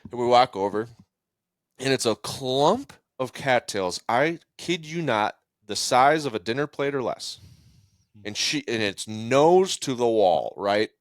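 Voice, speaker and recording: A man's voice: medium pitch, unhurried, no echo, studio quality. A man hosting a podcast, chatting casually and telling a childhood hunting story with quoted lines. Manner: relaxed and friendly, laughs along, retells stories with voiced quotes. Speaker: podcast host.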